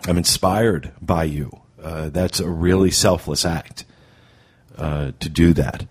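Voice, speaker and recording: A man hosting a podcast, speaking in a halting way full of fillers and restarts. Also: sits low, fairly even intonation, breathy edge. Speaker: podcast host. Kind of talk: casual podcast talk.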